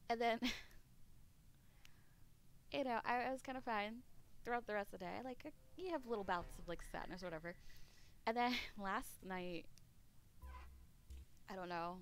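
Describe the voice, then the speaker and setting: A woman's voice: medium pitch, moderate pace, pauses often, slight background noise. A woman streamer chatting casually while gaming, rambling and candid, laughing often and swearing offhandedly.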